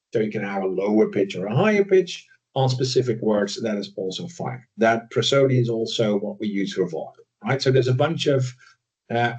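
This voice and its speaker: A man giving a casual screen-share software walkthrough, thinking aloud with frequent fillers and tag questions. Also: mid-range voice. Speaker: presenter demoing software.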